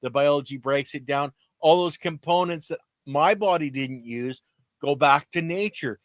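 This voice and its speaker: A man's voice: a little high, moderate pace, dry recording, studio quality. A man co-hosting a gardening livestream, chatting casually and explaining things in plain everyday terms.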